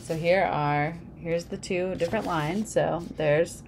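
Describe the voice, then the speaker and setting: A woman's voice: lowish voice, steady tone, measured pace, noisy background. Woman reading a picture book aloud. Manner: casual asides explaining the pictures. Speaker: storybook reader.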